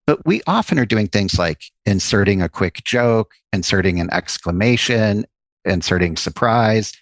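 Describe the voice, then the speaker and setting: A man's voice: fairly low pitch, animated, moderate pace, dry recording. A man, a psychologist and author, guest on a podcast interview, explaining his ideas at length with examples. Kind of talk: interview conversation.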